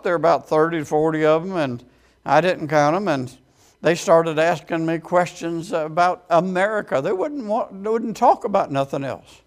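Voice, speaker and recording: A man preaching a sermon as a storytelling testimony, with frequent amens and quoted voices acted out. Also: sits high.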